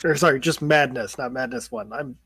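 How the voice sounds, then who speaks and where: A man narrating as game master, describing eerie scenes in a slow, measured way. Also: medium pitch, creaky, bright, forceful tone, slightly rough, no room sound.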